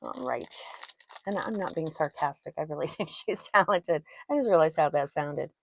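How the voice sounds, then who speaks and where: Speaking at a moderate pace in a low voice with vocal fry, she records with no echo on a personal mic she wears. It's her own jewelry channel: casual show-and-tell chat where she fawns over each piece and gently mocks herself.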